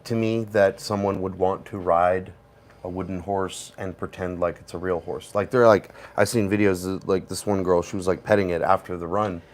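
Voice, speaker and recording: A man co-hosting a casual livestream, talking in an easygoing, rambling way with pauses. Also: deep voice, fairly even intonation. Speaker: co-host of a gun shop livestream.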